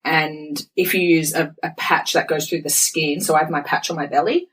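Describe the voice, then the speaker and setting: A woman in her forties, a podcast guest speaking frankly and telling stories in an animated way. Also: deep voice, moderate pace, low-quality recording. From Australia. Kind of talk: candid podcast conversation.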